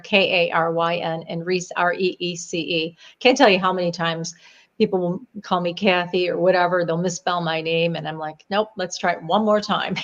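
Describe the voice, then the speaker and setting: A woman from the Niagara Falls area, a guest psychic medium chatting casually and telling animated stories with frequent laughs. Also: on the low side, highs cut off. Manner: chatty, animated storyteller who laughs often. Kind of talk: casual podcast chat.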